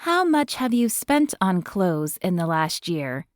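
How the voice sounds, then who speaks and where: Brisk teasing young woman stylist, read by a woman, lively pitch, dry close sound. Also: dry recording. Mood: playful. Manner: upbeat, bossy, coaxing.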